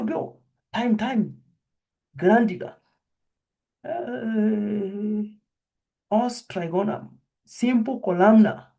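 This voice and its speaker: A husky, mellow man runs an anatomy review lesson. He quizzes his students and repeats questions and answers over and over. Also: fairly high pitch. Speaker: anatomy lecturer. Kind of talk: online histology review lesson.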